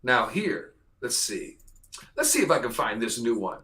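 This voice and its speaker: Male radio host, animated and bright, jokey studio banter. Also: mid-range voice, moderate pace, poor audio. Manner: chatty, joking, exaggerates for laughs. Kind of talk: casual studio chat. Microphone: studio microphone.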